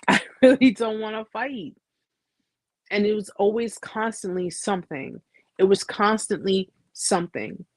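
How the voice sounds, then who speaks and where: A woman's voice: mid-range voice, measured pace, no room sound. Woman, American, host, casual, blunt, slangy, repeats herself, dry close sound. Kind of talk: live chat storytelling.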